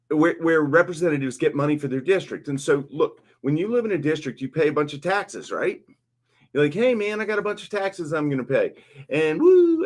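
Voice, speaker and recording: Man, 50s, candidate on his own stream; blunt, passionate, rambling, plain mid-range voice. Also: mid-range voice. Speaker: congressional candidate. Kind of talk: casual live stream talk.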